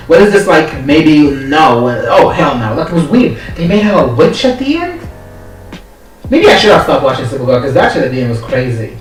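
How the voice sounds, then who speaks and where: A man's voice: on the high side, big pitch swings, normal speed, echoey room, recorded from a distance, over music, rough recording. A man ranting casually in a vlog, sassy and profane, often acting out characters' lines. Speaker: vlogger. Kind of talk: casual rant.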